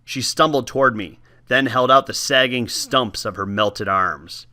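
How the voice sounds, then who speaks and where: A man reading a novel aloud with lively, expressive storytelling, then talking casually about the book. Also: mid-range voice, measured pace. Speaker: teacher giving book talks.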